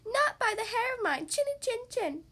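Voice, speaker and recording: Woman reading as a tiny squeaky pig, scared but stubborn, storybook voice. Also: sing-song, normal speed, bright, forceful tone, full character voice. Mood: defiant. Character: small frightened second little pig. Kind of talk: storybook read-aloud.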